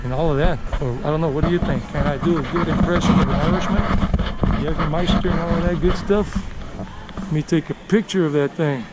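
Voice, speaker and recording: A man's voice: fairly high pitch, fast talker. A man from the United States giving a casual walking-tour narration outdoors, chatty and rambling, often repeating himself. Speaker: tour guide vlogger. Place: city street outdoors, walking. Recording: outdoor street recording with traffic noise. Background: city traffic and street ambience.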